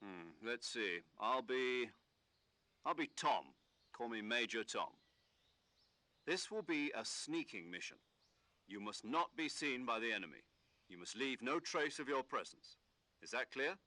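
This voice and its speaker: An actor playing a commanding older British military officer who briefs his operative over the radio in a video game, in a crisp, instructive manner. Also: medium pitch, lively intonation, unhurried, pauses often, pushed and bright, dry recording. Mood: instructing. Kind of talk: video game cutscene dialogue.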